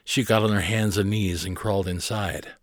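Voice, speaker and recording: A man narrating a children's storybook aloud with expressive, lively storytelling, close to the mic. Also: lowish voice, normal speed, no room sound. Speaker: audiobook narrator.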